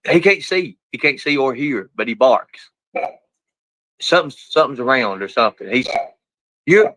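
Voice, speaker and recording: Man, live streamer, bright forceful voice, close and dry, colloquial and profane. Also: mid-range voice, lively intonation, normal speed, dry recording, rough recording. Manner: talks to his pets and viewers, swears freely; rough, colloquial speech. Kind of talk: casual live-stream chat.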